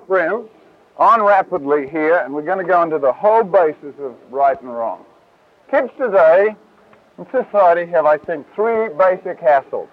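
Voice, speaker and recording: Man preacher, high voice, animated and folksy; tinny lo-fi tape sound. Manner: lively, casual, acts out scripture voices. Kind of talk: Bible teaching talk.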